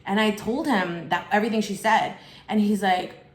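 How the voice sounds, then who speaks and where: A woman's voice: medium pitch, moderate pace. A young woman vlogger telling a casual storytime while eating, chatty and full of "like", acting out other people in quotes. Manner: chatty, fills speech with "like", acts out others in quotes. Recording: roomy echo.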